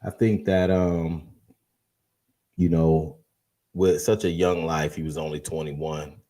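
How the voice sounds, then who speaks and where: A man hosting a live-stream interview, speaking in a gentle, measured way with frequent fillers. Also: rumbling low, fairly even intonation. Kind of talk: live-stream interview, reading viewer comments.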